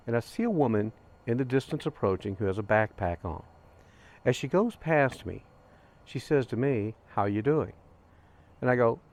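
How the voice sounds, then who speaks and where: A man's voice: on the low side, darkish tone. A middle-aged man from the United States hosting a grief channel, telling a personal story in an earnest, repetitive way and retelling his side of a conversation. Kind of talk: reflective storytelling monologue.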